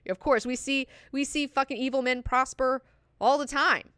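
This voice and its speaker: A woman's voice: high-pitched, steady tone, moderate pace, a bit bright, smooth, no echo, studio quality. A young woman hosting a book club, chatting casually and animatedly, swearing freely and acting out characters as she goes. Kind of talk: casual book discussion with read-aloud quotes.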